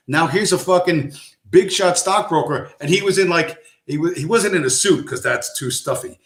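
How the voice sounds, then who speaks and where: A man's voice: on the high side, normal speed, a bit bright. Foul-mouthed ranting man in an echoey room. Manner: profane, aggressive, sarcastic. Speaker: stream host. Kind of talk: ranting live-stream commentary.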